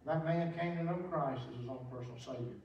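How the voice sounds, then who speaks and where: Man, older, folksy sermon storytelling, raised pitch, booming church echo, faint hiss. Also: fast talker, lo-fi sound. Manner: folksy storytelling, humorous asides. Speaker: pastor. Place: church sanctuary. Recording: very echoey church, distant mic.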